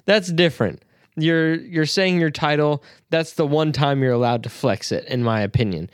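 A man trading jokes in laid-back podcast talk, laughing often and swearing freely. His voice is a touch high. The sound is close and dry. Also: normal speed, smooth, dry recording. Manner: laughing, profane, joking. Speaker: podcast co-host. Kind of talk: casual chat.

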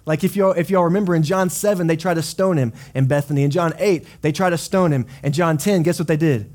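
A man preaching a sermon as pastor, telling the story in a conversational, animated way and voicing dramatic quotes. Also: fairly high pitch, fast. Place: church service.

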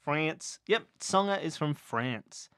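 A man's voice: on the high side, expressive, slow pace, a bit bright, clean tone, no echo, studio quality. A man co-hosting a podcast, running a quiz in casual chat with a playful, teasing manner.

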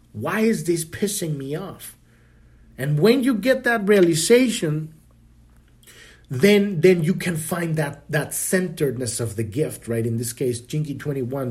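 On this spiritual podcast, the male host's voice sits high and sounds a little mellow. His delivery is relaxed, full of swearing, with frequent false starts as he begins sentences over.

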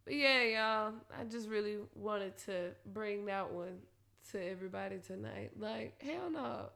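Blunt bright-voiced woman ranting casually. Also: medium pitch, steady tone, measured pace. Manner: blunt and profane, laughs often, rants animatedly. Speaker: solo talker giving advice. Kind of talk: casual monologue.

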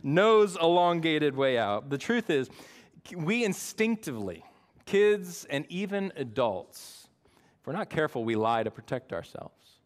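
A man preaches to his church in a relaxed, storytelling sermon. His voice sits a little high for a man, and he talks in a lively, chatty way. He keeps checking in with the congregation with a quick "right?". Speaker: campus pastor. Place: church service before a congregation.

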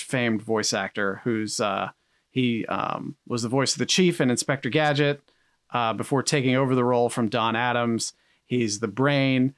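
A man co-hosting a podcast, telling a story in a lively way and laughing often. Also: mid-range voice, clean tone, no echo, clean studio sound. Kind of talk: casual chat.

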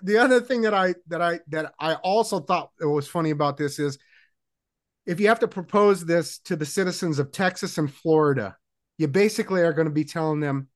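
A man co-hosting a casual podcast, making wry deadpan quips. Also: fairly high pitch, fairly quick. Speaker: podcast co-host. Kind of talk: casual chat.

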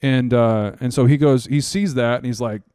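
A young man co-hosting a podcast, telling stories in casual chat. He rambles, repeats words and gets excited. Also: mid-range voice, normal speed, clean tone, dry recording, studio quality. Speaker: podcast co-host, scam baiter.

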